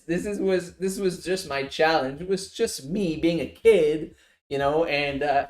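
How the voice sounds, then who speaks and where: A man hosting a casual livestream from his home office, telling a lively story and swearing freely. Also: a little high. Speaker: livestream host.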